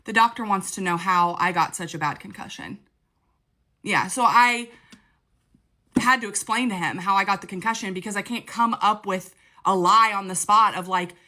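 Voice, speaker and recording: Pushed and bright, her mid-range voice moves at a moderate pace as a young woman chats through a personal story with dramatic flair. She keeps checking in with the listener, asking "okay?" again and again.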